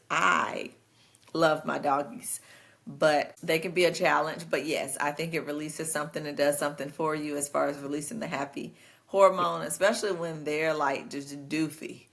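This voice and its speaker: A woman's voice: low voice, fairly even intonation, normal speed, gravelly, fairly bright tone. A woman co-hosting a podcast, chatting casually in a laid-back, jokey, colloquial way. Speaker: podcast co-host. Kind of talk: casual chat.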